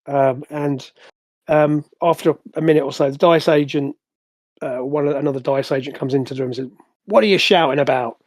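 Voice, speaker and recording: A man narrating as game master of a tabletop game, in a halting way with many restarts. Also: medium pitch, flat delivery, darkish tone, no room sound. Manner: halting, full of fillers and restarts.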